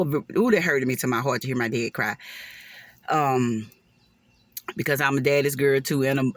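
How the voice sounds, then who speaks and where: Animated woman telling a storytime. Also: a bass voice, no room sound. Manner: animated, emotional, churchy asides to viewers. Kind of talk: casual storytime vlog.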